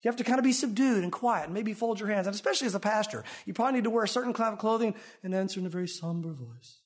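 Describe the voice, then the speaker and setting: A male pastor preaching a sermon in an animated way, swinging between emphatic and hushed delivery. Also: sits high, racing, breathy edge.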